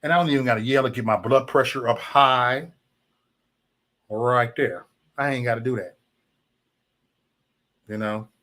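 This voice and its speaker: A man's voice: mid-range voice, unhurried, pauses often, fairly bright tone. A man hosting a live stream, ranting profanely at chat trolls in a loose, mocking way. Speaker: livestream host.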